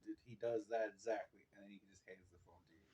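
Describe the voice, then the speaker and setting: A man with a fairly low voice co-hosts a relaxed podcast. He mostly chimes in with short, teasing jokes and reactions. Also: fast. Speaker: podcast co-host. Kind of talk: casual podcast chat.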